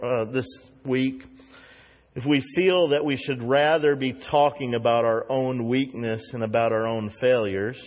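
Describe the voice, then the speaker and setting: A man preaching a sermon as pastor, earnest, rising higher and louder when he exhorts. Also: in a large hall.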